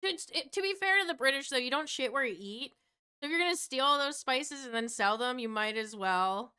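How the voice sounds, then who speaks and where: A woman's voice: high-pitched, animated, brisk, bright, forceful tone, smooth. A woman in her thirties streaming, chatting casually and joking, often laughing. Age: 30s.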